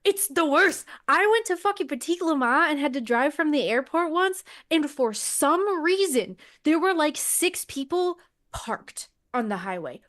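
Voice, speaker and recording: Woman cohost, kinda high voice, blunt and sweary, just chatting. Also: sing-song, measured pace, fairly bright tone. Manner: blunt, profane, opinionated. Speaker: podcast co-host. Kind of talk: casual chat.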